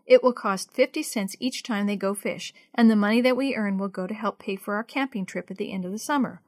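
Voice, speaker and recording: Storybook part: kindly teacher explaining to kids, clear and instructive, voiced by a woman. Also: medium pitch, fairly quick, darkish tone, no echo, clean studio sound, natural voice. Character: friendly woman teacher at a church class.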